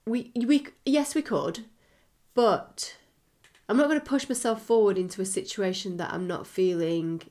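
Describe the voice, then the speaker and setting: A woman's voice: mid-range voice, measured pace, mellow. A woman co-hosting a podcast in casual chat. Her voice sounds nasal and blocked up from a cold, and she talks candidly, giggles often and uses lots of fillers. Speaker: podcast co-host.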